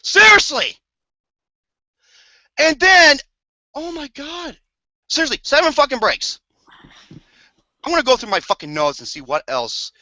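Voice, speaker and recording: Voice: high voice, lively intonation, normal speed, long pauses, pushed and bright, dry recording. A podcast co-host tearing into a movie in a profane, exasperated rant with theatrical outbursts. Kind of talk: ranting movie review. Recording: dull lo-fi podcast audio.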